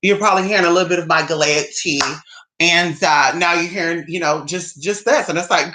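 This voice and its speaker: Sassy American spiritual vlogger, bright and forceful, cusses, mocks with big pitch swings. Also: fairly quick. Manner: sassy, blunt, swears; mocking, with big pitch jumps. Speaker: spiritual YouTuber. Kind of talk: casual opinion monologue.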